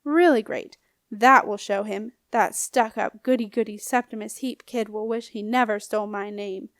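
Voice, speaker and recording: A woman's voice: mid-range voice, fairly even intonation, normal speed, no room sound, studio quality, natural voice. A woman reading an audiobook, voicing a nervous, resentful teenage boy who talks in a thin, faltering way. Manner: faltering, timid, then eager.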